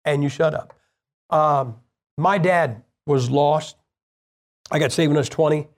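A man with a slightly high voice delivers a sermon at a somewhat slow pace. He tells a personal story conversationally and plainly while throwing rhetorical questions out to the congregation.

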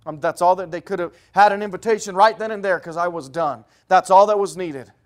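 A middle-aged man preaching a sermon, telling Bible stories with a voice that rises loud and drops to a hush. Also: brisk. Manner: lively storytelling preaching, swinging from loud highs to hushed lows.

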